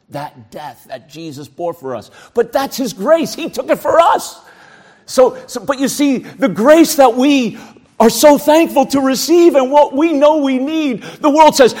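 A man preaching a sermon, swinging between loud, shouting emphasis and low, quiet passages. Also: very animated, unhurried.

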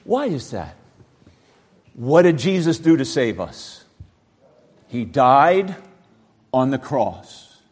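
A man preaching a sermon, swinging between loud, shouting emphasis and low, quiet passages. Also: very animated, slow pace, pauses often, slightly rough.

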